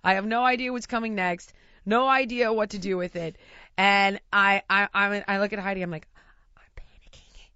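Woman, storyteller, animated, laughs a lot, mimics others; mid pitch, dry and slightly muffled audio. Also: moderate pace, clear, resonant tone, dry recording. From United States. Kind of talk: casual anecdote. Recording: dry, slightly dull lo-fi recording.

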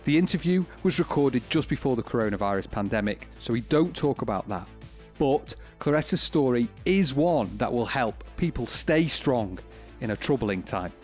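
A man hosting a podcast, reading a scripted introduction and asking measured questions. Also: medium pitch, lively intonation, faint music behind. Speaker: podcast host.

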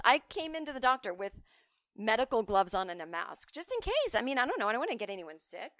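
A woman's voice: on the high side, big pitch swings, fast, a bit bright, no echo, studio quality. A woman hosting a podcast who tells comic stories in a chatty, self-mocking way and swears freely. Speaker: podcast host. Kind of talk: casual comic storytelling.

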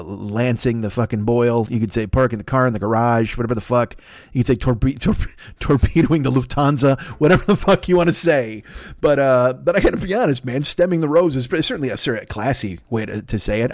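A man's voice: mid-range voice, animated, a little fast, darkish tone, dry recording, clean studio sound. An older man hosting a solo podcast, rambling through crude, self-mocking riffs into a desk mic plugged into a laptop. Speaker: podcast host. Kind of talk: profane solo podcast monologue.

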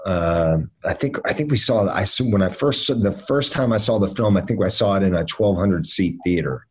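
A man's voice: low voice, moderate pace, slightly rough. A man, an actor guest in a casual interview, telling stories with many fillers and restarts.

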